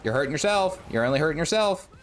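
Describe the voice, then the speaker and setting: A man's voice: on the high side, expressive, fast talker, soft background music. A man hosting a game livestream, chatting casually in a rambling, jokey, self-mocking way. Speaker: gaming livestream host. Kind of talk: casual gameplay commentary.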